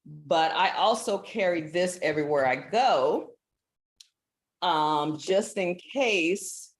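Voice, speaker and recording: A woman's voice: fairly low pitch, expressive, slow pace, roomy sound. A woman hosting a casual live stream from a relative's house, chatty, laughing and easily sidetracked. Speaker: livestream host.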